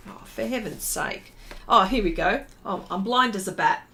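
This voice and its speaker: A woman's voice: mid-range voice, normal speed, bright, forceful tone, a little hiss or hum. Chatty woman streaming live. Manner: chatty and rambling, many fillers and restarts; greets viewers by name. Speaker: art livestream host. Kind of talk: casual livestream chat.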